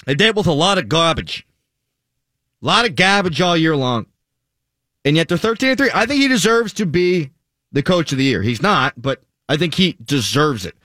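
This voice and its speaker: A man hosting sports talk radio, opinionated and quick, reading listener tweets into a close studio microphone. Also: a little high, sing-song, pushed and bright, no room sound.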